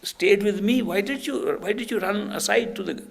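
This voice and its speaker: A man's voice: sits high, moderate pace, creaky, voice pushed up. A man doing a stern old spiritual master. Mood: scolding. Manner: firm, commanding.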